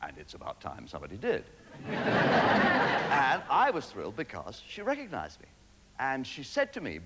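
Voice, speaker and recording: A man's voice: medium pitch, huge pitch swings. A man delivering a stand-up comedy monologue as the show's host, punching out one-liners. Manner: brisk joke-telling with punchlines. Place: TV studio stage before an audience. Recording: 1980s TV studio with a laughing audience, noisy.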